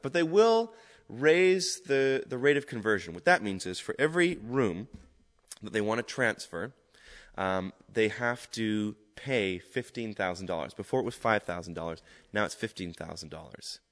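A man giving a conversational, animated sermon as a preacher. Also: on the low side. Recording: echoey hall.

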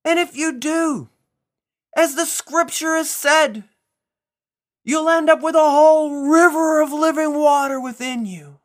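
A man voicing a bold prophet who shouts slowly and urgently to a festival crowd. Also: extremely high pitch, steady tone, voice pushed up. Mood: proclaiming. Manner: shouted, slow and drawn out.

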